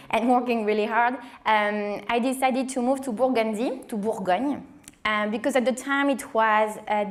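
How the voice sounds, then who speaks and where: Small-voiced Frenchwoman telling her story. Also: fairly high pitch. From France. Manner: animated, acts out quoted dialogue, many fillers. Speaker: wine director giving a conference talk. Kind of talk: storytelling conference talk.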